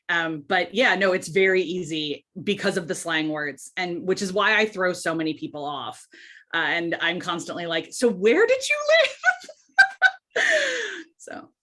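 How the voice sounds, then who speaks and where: Chatty woman podcast guest. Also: lowish voice. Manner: animated, chatty, quick asides and laughs. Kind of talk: casual interview conversation.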